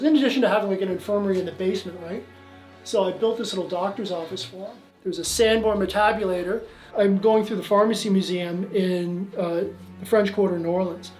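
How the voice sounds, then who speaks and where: A man's voice: high voice, a little mellow, low-quality recording. A man casually telling stories as he shows guests around his collection, rambling with lots of fillers and restarts. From Canada. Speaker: museum owner giving a tour. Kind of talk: casual storytelling tour.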